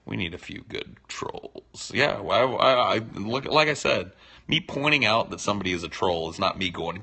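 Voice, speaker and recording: A man's voice: on the low side, moderate pace, gravelly, pushed and bright, husky. A man hosting a livestream, answering chat questions in a rambling, teasing, profane way. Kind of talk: casual unscripted chat.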